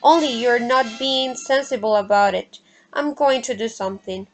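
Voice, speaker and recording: A woman's voice: fairly high pitch, moderate pace, faint music behind, lightly acted, rough recording. Woman reading Blanche, tense and indignant.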